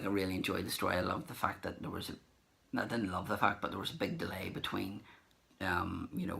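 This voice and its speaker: His voice sits low, gravelly, pushed, and bright. This collector vlogger rambles through a casual story about meeting celebrities at a comic convention, using fillers and re-enacting the dialogue he remembers.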